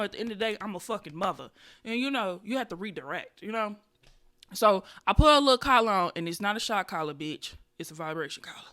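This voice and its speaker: A woman in her twenties hosting a podcast, telling a story in a casual comedic way with profanity and loud animated bursts. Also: on the low side. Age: 20s. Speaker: podcast host.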